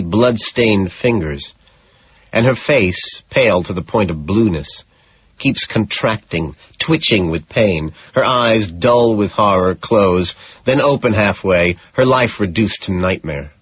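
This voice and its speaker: A male audiobook narrator with a husky, low-set voice reads in scripted narration. His delivery is slow and matter-of-fact, though his pitch moves a lot. The sound is dull and lo-fi. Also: expressive, a bit bright, no room sound.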